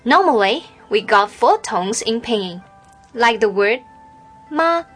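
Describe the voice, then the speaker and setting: Slow, careful woman teacher. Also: a little high, animated, faint music behind. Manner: slow, careful, demonstrating each tone clearly. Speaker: Chinese language teacher. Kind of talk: scripted lesson narration.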